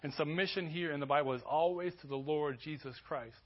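Guy preaching a sermon, kinda raspy, dull muffled church audio, gets loud on the big points. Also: a little high, a little fast. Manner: conversational preaching, with restarts and rising emphasis. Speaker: pastor. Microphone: church sermon recording.

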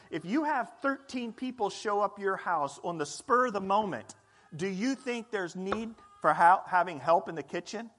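A man preaches a sermon to his congregation, talking in a loose, conversational way. His voice sits high for a man, and he jumps into little acted-out scenes to bring the story to life. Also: bright, forceful tone. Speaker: pastor.

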